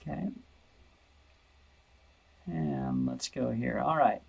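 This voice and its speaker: A man's voice: medium pitch, slow pace, gravelly, slightly rough, rough recording. A man teaching a math lesson over a screen recording, thinking aloud and repeating words as he searches.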